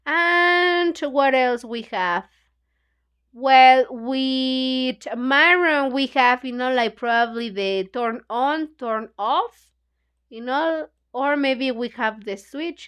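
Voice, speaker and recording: High-voiced woman teacher, slow and chatty, keeps saying you know like. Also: a bit bright, smooth. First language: Spanish. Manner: chatty, says "you know, like" constantly, acts out lines. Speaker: English book club teacher. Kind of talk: retelling a story for learners.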